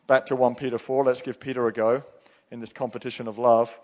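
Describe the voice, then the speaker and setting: A man's voice: mid-range voice, little pitch movement, brisk, darkish tone. A man preaching a sermon with earnest emphasis, reading scripture aloud. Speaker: pastor. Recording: long hall reverb.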